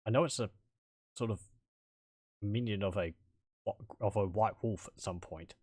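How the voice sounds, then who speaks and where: A man's voice: on the low side, a little slow, a little mellow, husky, dry recording, studio quality. A man casually commenting on a game as he plays, with wry, rambling asides and chuckles. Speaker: let's play commentator.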